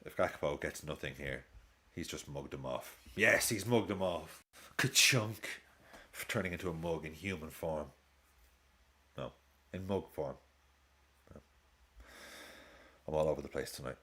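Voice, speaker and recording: A man's voice: moderate pace, pauses often. A man hosting a live football watch-along stream, casually chatting with viewers and reacting to the match. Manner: chatty, reacts to play and reads chat aloud; lively swings in pitch.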